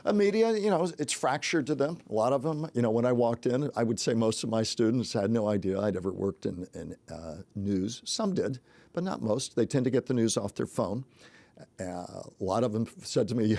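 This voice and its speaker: A man's voice: medium pitch, expressive, fairly quick, vocal fry, mellow, no room sound. An older man hosting a casual podcast chat, reflective and chuckling, with many restarts. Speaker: podcast host, journalism teacher.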